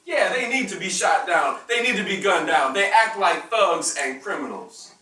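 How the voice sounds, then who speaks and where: A man's voice: high-pitched, animated, normal speed, bright, forceful tone. A man giving a university lecture in an impassioned, preacher-like style with call-and-response to the audience. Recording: echoey hall from far off.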